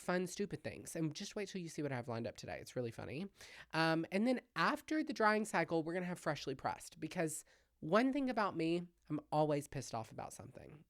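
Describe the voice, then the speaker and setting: A young Louisiana man with a Southern twang hosts a solo comedy podcast from a home-made set with a hung backdrop. He's chatty, gossipy, and self-deprecating, his pitch and loudness swinging lively, in clean studio sound with no room tone.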